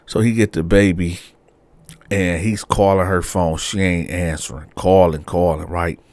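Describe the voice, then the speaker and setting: A man casually telling a true-crime story, slangy and animated, often checking in with "right?". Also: low voice, a little slow, no echo.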